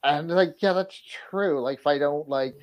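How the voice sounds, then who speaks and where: A man's voice: on the high side, normal speed, muffled recording. A man speaking as a podcast guest in casual chat, musing hesitantly with lots of "like". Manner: hesitant, filler-heavy musing.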